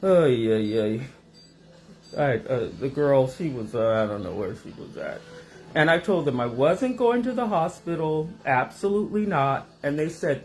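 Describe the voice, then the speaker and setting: Recorded in her home kitchen, a woman host tells her viewers a rambling personal story in a casual, animated manner, acting out voices along the way. Her voice is low-pitched and a little slow.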